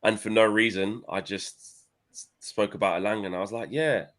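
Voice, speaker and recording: A young man talks in a lowish voice, casual and playful, sprinkling his banter with slang. He is co-hosting a fan livestream and reads viewers' comments aloud between jokes. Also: flat delivery, fairly quick, fairly bright tone. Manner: banterous, playful, uses slang like "my son" and "innit". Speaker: co-host of fan channel livestream. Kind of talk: casual fan chat reading live comments.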